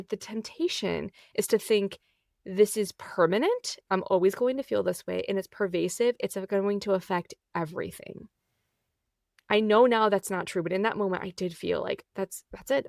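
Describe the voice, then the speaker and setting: Candid woman host with gravelly fry. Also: mid-range voice, no room sound, studio quality. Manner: candid, animated, laughs often, acts out quoted dialogue. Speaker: podcast host. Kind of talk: personal storytelling monologue.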